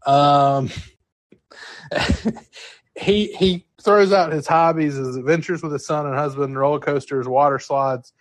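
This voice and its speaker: A man's voice: on the high side, measured pace, long pauses, no echo. A man co-hosting a podcast, talking casually with many fillers and easy laughter, in a sentimental way. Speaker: podcast co-host. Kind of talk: casual chat.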